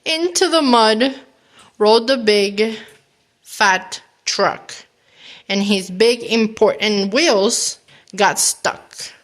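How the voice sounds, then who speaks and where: A woman reading a children's picture book aloud as a storyteller, gentle and animated, acting out the animal sounds. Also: medium pitch, very slow, pauses often.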